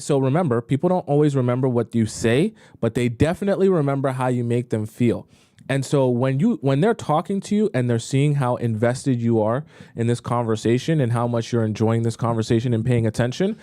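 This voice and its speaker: Casual male dating coach, dry sound. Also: dry recording. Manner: casual, animated, jokes with mocking high voices. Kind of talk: reacting to a clip, giving dating advice.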